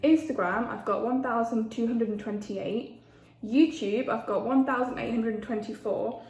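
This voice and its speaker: This food vlogger in her 20s has a slightly high, darkish voice with a steady tone at normal speed. She chats casually between bites in a mukbang, in an echoey room with faint ambience.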